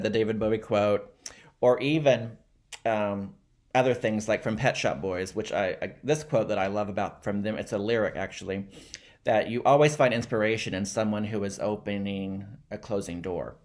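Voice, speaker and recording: A man with a medium-pitched voice rambles casually through a monologue, trying out a rough joke. He fills it with filler words and self-deprecating laughs.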